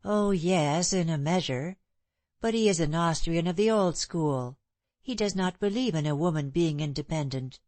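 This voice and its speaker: Proud headstrong young woman read by a lady narrator, low-ish voice, dry sound. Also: normal speed, a little mellow, no room sound, close to an everyday voice. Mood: defiant. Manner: impetuous, proud. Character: bold, scornful young woman, free-spirited. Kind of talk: audiobook character reading.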